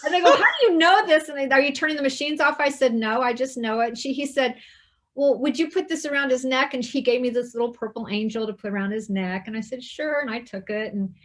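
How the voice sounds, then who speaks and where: Woman host, slightly high voice, quiet heartfelt storytelling with quoted lines. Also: quick pace. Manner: soft, hushed retelling with quoted dialogue. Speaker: interview host. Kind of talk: personal storytelling in conversation.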